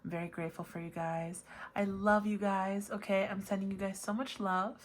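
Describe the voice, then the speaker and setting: A woman tarot reader delivering a playful love letter, joking in a sing-song way and turning soft and earnest in the serious parts. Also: medium pitch, little pitch movement, normal speed, slight background noise. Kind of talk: channeled love letter reading.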